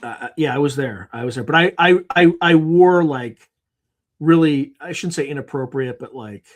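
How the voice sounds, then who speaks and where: A man with a fairly high voice speaks at normal speed as a podcast guest in a conversational interview. He tells anecdotes with animation, acting out other people's quotes.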